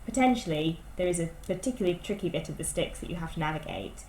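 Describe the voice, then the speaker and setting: A woman's voice: on the low side, lively intonation, fast, mellow, a little hiss or hum. Cautious British woman in a roomy room. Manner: cautious, lays out plans step by step. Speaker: player. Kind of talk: tabletop role-play chat.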